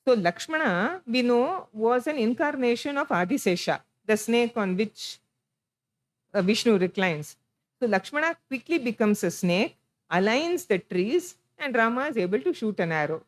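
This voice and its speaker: A woman's voice: fairly high pitch, poor audio. A middle-aged woman with an Indian English accent gives an illustrated lecture to an audience, telling stories, acting out quoted lines and chanting Sanskrit verses. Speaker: guest lecturer on temple sculpture.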